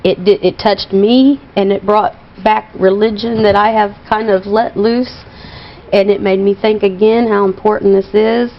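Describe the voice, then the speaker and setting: A woman telling her story as an interview guest, earnest and halting, with many pauses and fillers. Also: mid-range voice, steady tone, a little hiss or hum. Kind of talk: emotional personal account. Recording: dull broadcast audio.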